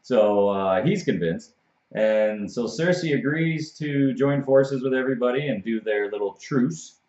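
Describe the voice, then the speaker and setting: A man co-hosting a casual TV recap, retelling scenes with lively acted-out quotes. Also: mid-range voice, measured pace. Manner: animated retelling, acts out characters' lines. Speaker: show co-host. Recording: echoey room, dull lo-fi sound.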